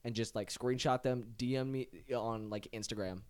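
A man's voice: medium pitch, fairly even intonation, normal speed, clear, resonant tone. A man co-hosting a casual podcast, chatting loosely and joking around with his friend. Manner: joking, loose, laughs often. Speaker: podcast co-host. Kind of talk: casual chat.

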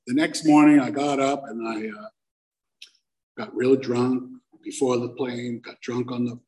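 A man's voice: mid-range voice, level tone, measured pace, darkish tone, rough recording. A man telling a personal story to a live audience in a conversational, self-mocking way, acting out the voices he quotes.

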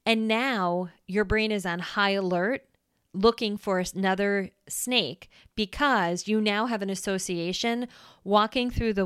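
Smooth-voiced chatty woman podcaster. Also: mid-range voice, fairly bright tone, no echo, clean studio sound. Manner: chatty, checks in with "right?", acts out quick voices. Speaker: podcast host. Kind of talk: casual solo podcast explainer.

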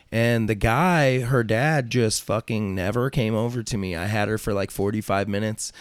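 Low-voiced man telling a story, dry mic. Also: moderate pace, few pauses, clear, resonant tone, no room sound. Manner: rambling, swears freely, many fillers. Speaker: interview guest, tattoo artist. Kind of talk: casual storytelling in an interview.

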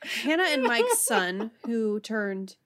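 Chatty higher-voiced woman telling a story. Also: very animated, slow, noisy background. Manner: chatty, laughing, frequent fillers. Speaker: podcast co-host. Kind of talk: casual storytelling chat.

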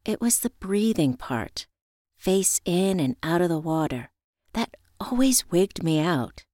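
A woman narrating a first-person story in a reflective, measured way. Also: on the low side, lively intonation, warm tone, no echo, clean studio sound.

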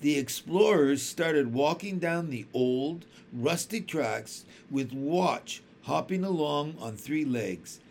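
Man, reading a children's story aloud, slow, expressive, slightly high voice. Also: a little hiss or hum. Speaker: audiobook reader.

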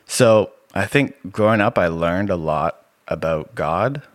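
A man with a soothing voice, sharing his personal story as a podcast guest in a relaxed, rambling way with many fillers. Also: deep voice, slow, no echo. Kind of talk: casual personal testimony.

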